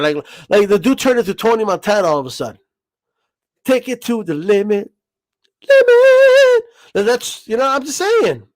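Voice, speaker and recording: A man's voice: high voice, no echo. A man hosting a boxing livestream, rambling and swearing in a casual rant, always asking if you know what he means.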